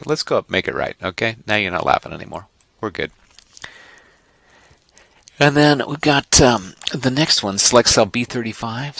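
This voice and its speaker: This online instructor walks through a screen-recorded software tutorial in a low, gravelly voice, rambling, self-correcting, and cracking jokes to his students. The recording sounds dry.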